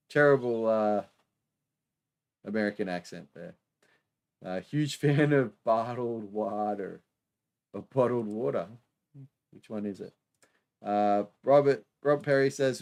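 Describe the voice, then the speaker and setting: Livestream host: Australian man, low gravelly voice, chatty, easy laugh. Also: a little slow, pauses often, darkish tone. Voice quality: chatty, laughs often, many fillers. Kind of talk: casual live-stream chat reading comments.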